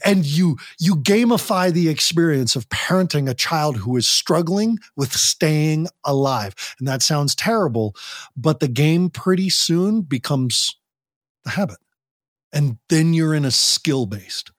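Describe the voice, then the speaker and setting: A man's voice: fairly high pitch, animated, a little slow, dry recording, clean studio sound. A man guest on a podcast interview, talking animatedly and acting out parents and teens in quoted voices. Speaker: guest, youth program director.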